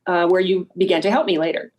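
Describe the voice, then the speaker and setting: A woman's voice: fairly low pitch, steady tone, quick pace, darkish tone, low-quality recording. A woman from Canada, a comic performer telling stories as a guest in a casual podcast chat. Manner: chatty storyteller.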